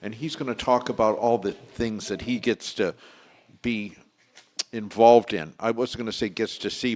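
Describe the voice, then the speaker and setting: A man's voice: fairly low pitch, a little mellow. A man hosting a recovery talk show, rambling and stumbling over names as he introduces guests. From Florida. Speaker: host.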